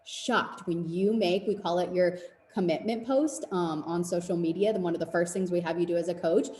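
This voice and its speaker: A woman's voice: on the low side, normal speed, a little mellow, roomy sound, rough recording. A woman in her twenties, a fitness business coach, giving an earnest, encouraging webinar presentation. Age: 20s.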